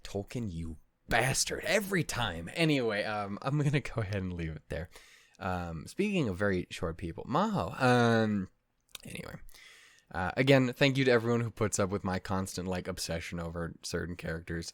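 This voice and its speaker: A man with a fairly low voice wraps up a reaction video, talking loosely to his viewers. He swears constantly, rambles and mocks himself. His voice sounds close and dry, with no room around it. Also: expressive, normal speed, no room sound. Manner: rambling, profane and self-deprecating; easily sidetracked, loses his train of thought. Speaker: anime reaction host. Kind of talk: casual wrap-up chat to viewers.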